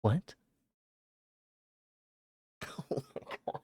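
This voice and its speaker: A young man streaming a game, chatting to his viewers in an excitable, flustered way with frequent stammers. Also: medium pitch, moderate pace, pauses often. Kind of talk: casual live-stream chat.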